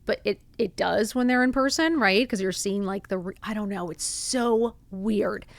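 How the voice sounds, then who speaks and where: A woman hosting a podcast, telling a personal story in a casual, animated way, acting out quotes and saying "like" a lot. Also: medium pitch, moderate pace, no echo. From Miami. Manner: animated, acts out quotes, says "like" often. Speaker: podcast host.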